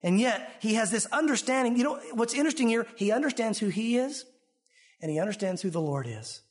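A male pastor preaching a sermon in an animated way, swinging between emphatic and hushed delivery. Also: high-pitched, a little fast.

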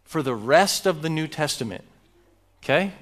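A man's voice: on the high side, animated, moderate pace, a bit bright. A man preaching a sermon as pastor, emphatic and joking with his congregation.

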